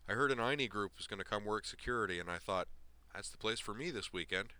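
A wry veteran air force officer with a dry, amused way of talking, as a man reads him. The voice is deep and bright with a forceful edge. It stays close to the reader's own voice. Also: quick pace, no echo.

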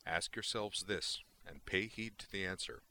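A man voicing a calm, precise male alien science officer who speaks in a measured, formal, unemotional way. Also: low voice, slight background noise. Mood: earnest.

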